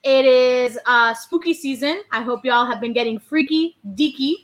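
A woman's voice: high voice, moderate pace, very noisy. A young woman hosting a podcast in casual, playful banter, swearing and a little tipsy. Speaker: podcast host. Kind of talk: casual chat.

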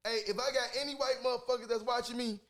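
A man in casual podcast banter, brash, loud and crude, joking with friends. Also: very high-pitched, fairly even intonation, fast talker.

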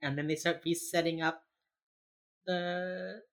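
Low-voiced woman recapping a TV episode. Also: fairly even intonation, slow. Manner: rambling recap with lots of "like", acts out characters. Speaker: podcast co-host. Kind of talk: casual chat, recapping an episode.

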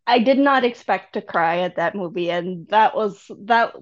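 A woman's voice: medium pitch, normal speed. A woman co-hosting a podcast in casual chat, wry and laughing often. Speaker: podcast co-host. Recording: dull lo-fi sound.

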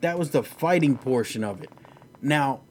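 A man's voice: medium pitch, animated, normal speed, a little mellow, a little hiss or hum. A man hosting a casual, profane chat about fights, rambling and laughing easily. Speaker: podcast host.

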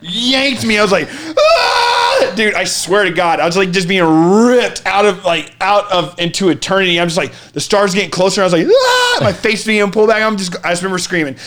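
A man in casual conversation, telling a long story with animated shouts and acted-out voices of the people in it. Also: high-pitched, fast talker, hardly any pauses. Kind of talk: casual podcast chat.

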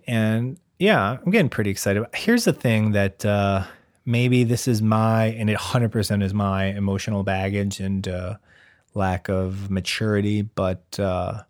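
A man's voice: fairly low pitch, no room sound, clean studio sound. A man in his thirties giving a rambling, self-deprecating comic monologue as a nervous expectant father, full of wordplay and put-on quotes. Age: 30s. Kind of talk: casual comedic monologue.

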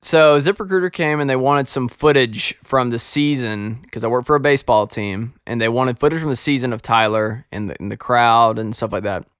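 Bright-voiced man telling a story. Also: mid-range voice, fairly quick, hardly any pauses, smooth, dry recording, clean studio sound. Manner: animated, laughs often, acts out quoted dialogue. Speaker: podcast co-host. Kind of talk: casual chat, storytelling.

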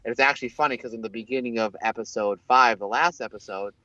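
A man talks casually through the plot of a TV crossover in a rambling, animated way, slipping into the characters' lines as he goes. His voice sits at an ordinary pitch. The recording is dull and lo-fi, with a dry, close sound. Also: fast, no room sound. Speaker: podcast co-host. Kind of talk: casual chat recapping a TV crossover.

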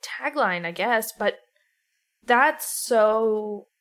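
A woman's voice: fairly high pitch, lively intonation, drawn-out words, a bit bright. Woman host, direct questioning. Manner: direct, asks probing follow-up questions. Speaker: podcast host. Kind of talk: interviewing.

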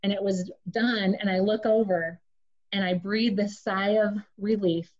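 A woman's voice: medium pitch, steady tone, a little slow, darkish tone, lo-fi sound. A woman sharing a personal testimony in a casual, confessional storytelling way, speaking directly to her listeners.

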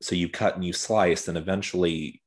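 Deep-voiced man reviewing films. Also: fairly even intonation. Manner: measured, repeats words while thinking. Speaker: podcast co-host. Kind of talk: casual film review chat.

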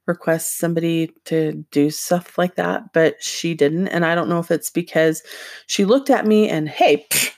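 A woman casually telling a personal story, rambling and halting with lots of filler words, earnest and emotional, her voice dropping quiet at the hard parts. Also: fairly low pitch. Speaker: vlogger sharing personal experience.

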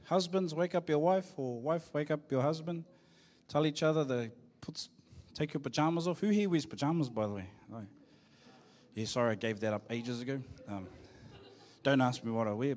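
A middle-aged man with a New Zealand accent, preaching a live sermon in a large church and joking with the congregation. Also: mid-range voice. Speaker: pastor. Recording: long hall reverb.

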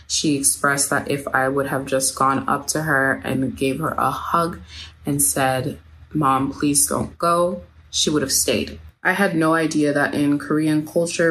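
Woman, low voice, measured reading, first-person account, faint background noise. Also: fairly bright tone. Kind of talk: read first-person statement.

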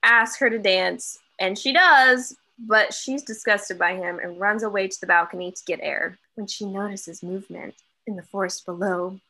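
A woman's voice: mid-range voice, normal speed, pushed and bright. A young woman co-hosting a book podcast, casually recapping a novel with lots of swearing and laughter. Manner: profane, giggly, dramatic recapping. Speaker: podcast co-host.

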